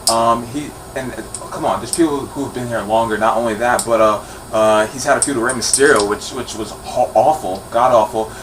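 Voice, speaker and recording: A man's voice: mid-range voice, normal speed, lightly acted. A man playing a blunt, stubborn young man who rants and refuses to argue. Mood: ranting. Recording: distant mic with clear background hum.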